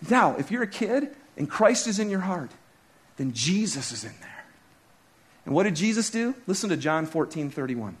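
Animated male pastor preaching. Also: sits high, moderate pace. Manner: animated storytelling, voice rising and dropping sharply. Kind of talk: sermon.

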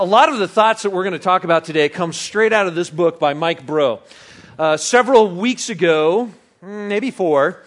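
A man preaching a sermon, bantering playfully with the congregation, then turning soft and reflective. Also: a little high. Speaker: pastor.

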